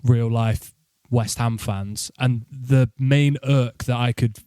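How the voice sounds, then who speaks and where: A man's voice: mid-range voice, steady tone, slow pace, mellow, smooth, no room sound, clean studio sound. A man co-hosting a casual film podcast, chatty and casually swearing. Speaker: podcast co-host.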